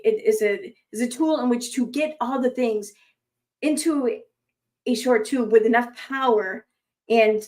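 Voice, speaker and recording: A woman's voice: fairly high pitch, measured pace, a little mellow. A young adult woman reading online posts aloud and adding rambling, sarcastic commentary full of fillers.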